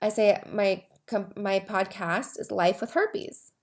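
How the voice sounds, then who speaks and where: A woman's voice: mid-range voice, takes it slowly. A woman hosting her own advocacy podcast, talking casually to camera in a rambling way with many asides and restarts. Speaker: host of a herpes advocacy podcast.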